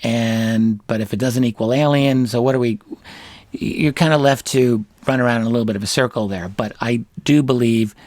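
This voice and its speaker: Measured middle-aged man, dry close sound. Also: medium pitch, a little mellow, no echo. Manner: measured, deliberate delivery with frequent fillers and restarts. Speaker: show host. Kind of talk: solo analysis monologue.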